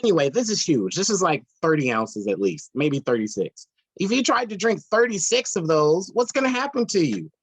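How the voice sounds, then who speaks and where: A man's voice: fairly high pitch, very animated, normal speed, slightly rough, no echo, rough recording. A man co-hosting a casual podcast chat, who laughs often, cuts in and teases his co-host. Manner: laughs often, interrupts, teasing.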